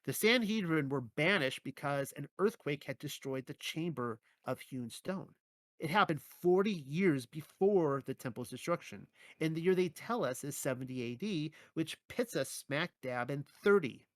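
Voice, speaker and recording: A man reading his own Bible teaching article aloud in a measured way, with occasional stumbles and wry asides. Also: fairly high pitch, lively intonation, a bit bright, no room sound.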